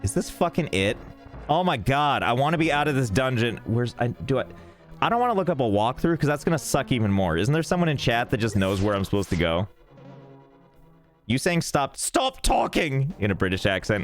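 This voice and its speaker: A man streaming a video game live, chatting and joking with chat in a rambling, irreverent way, swearing freely. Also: mid-range voice. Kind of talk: casual live-stream banter while gaming.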